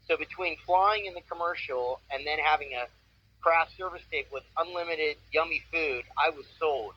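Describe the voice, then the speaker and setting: An upbeat man in his forties tells stories from his acting career with real enthusiasm. His voice sits a bit high for a man, and the recording sounds slightly muffled with a faint hiss behind it. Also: moderate pace. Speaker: voice actor, interview guest. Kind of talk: casual interview.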